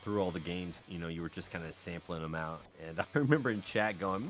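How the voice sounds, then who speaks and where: Upbeat low-voiced race commentator. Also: male voice, fairly quick, slight background noise. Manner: friendly, upbeat, filler-heavy. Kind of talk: casual stream commentary.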